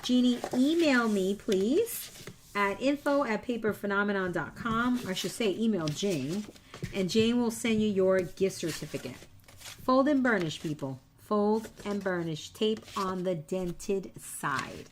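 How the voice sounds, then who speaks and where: Slow-talking woman teaching a papercraft class. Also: medium pitch, lively intonation, slight background noise. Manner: chatty, teasing, repeats instructions. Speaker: papercraft tutorial host. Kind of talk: live-stream craft tutorial.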